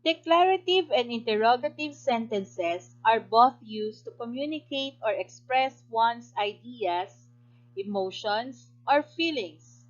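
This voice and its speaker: Filipino English woman teacher, unhurried and slightly high, muffled lo-fi sound. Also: lively intonation. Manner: slow, clear and instructive, with praise for answers. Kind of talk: recorded module lesson.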